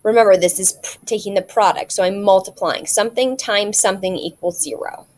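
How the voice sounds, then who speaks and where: A woman's voice: medium pitch, fairly quick, darkish tone. A woman math teacher recording a video lesson, explaining each step patiently and checking in with rhetorical questions.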